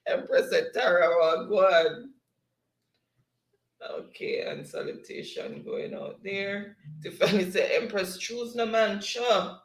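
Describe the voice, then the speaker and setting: A man's voice: high-pitched, roomy sound. A man hosting a livestream, reading viewers' chat aloud and laughing often. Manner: laughs often, slow and easygoing. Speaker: livestream host.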